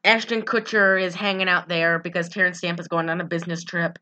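A woman in casual chat, recapping a movie in a rambling, giggly way and putting on quick voices for the characters. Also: fairly low pitch, flat delivery, pushed and bright, slight background noise. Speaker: podcast co-host recapping a movie.

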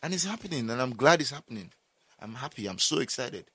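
A young man with a Nigerian accent talks emphatically in casual conversation, his fairly high voice swooping with lively energy. His tone is bright and forceful, recorded dry and close. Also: fast talker, slightly rough, no room sound. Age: young adult. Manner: emphatic, animated, laughs often. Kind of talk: casual chat.

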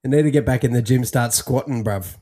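A man's voice: mid-range voice, brisk, warm tone, husky. An Australian man co-hosting a podcast, trading laughing, blokey banter. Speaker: podcast co-host. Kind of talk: casual chat.

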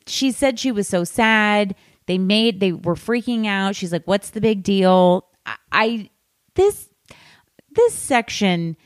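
A woman hosting a podcast, chatting casually and gossipily about a book, with animated asides to her listeners. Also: lowish voice, dry recording, clean studio sound. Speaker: podcast host. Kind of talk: casual book-discussion chat.

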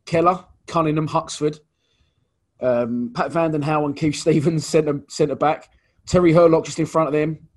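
A man's voice: a little high, fairly even intonation, moderate pace. A man hosting a casual interview, chatting as a fan and reading off an old team lineup. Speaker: podcast host and fan.

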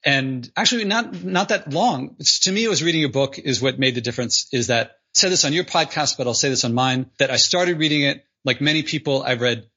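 Man, podcast host, husky voice, rambling casual talk, muffled lo-fi call audio. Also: medium pitch, a little fast, few pauses, bright, forceful tone. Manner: rambling, self-interrupting. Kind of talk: casual interview chat. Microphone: video call.

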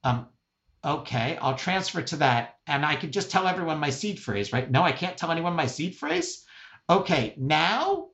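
A man's voice: fairly high pitch, very animated, normal speed, a bit bright, highs cut off. A man impersonating his fussy eighty-year-old mother on the phone, giving orders and fretting about each new step. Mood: bossy, fretful.

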